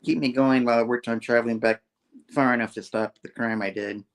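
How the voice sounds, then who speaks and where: A man's voice: mid-range voice, fairly even intonation, fairly quick, natural voice. A man playing a guilt-ridden young time traveler. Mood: regretful. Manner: earnest, confessional.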